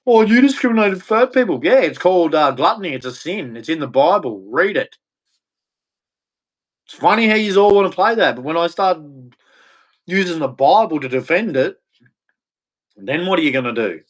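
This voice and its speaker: A man's voice: fairly high pitch, lively intonation, normal speed, pauses often. A middle-aged man, hosting and ranting bluntly, mocking others and acting out their voices. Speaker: host. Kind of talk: opinionated rant.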